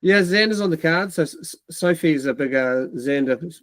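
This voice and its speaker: A man's voice: fairly high pitch, moderate pace, no room sound. A man hosting a podcast, bantering cheekily and joking around. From New Zealand. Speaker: podcast host. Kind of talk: casual chat.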